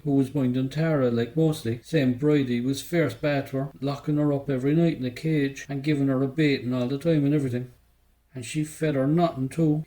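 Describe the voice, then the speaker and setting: A man's voice: mid-range voice, mellow, poor audio. A man with a Cork Irish accent reading a first-person novel aloud, telling it in the loose, slangy voice of a young narrator. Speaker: audiobook reader.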